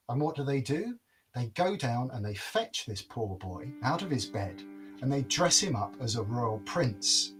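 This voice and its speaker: A man's voice: mid-range voice, fairly bright tone, husky. A man telling a folk tale aloud in a playful, wry, dramatic way. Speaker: storyteller. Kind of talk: oral folk-tale storytelling.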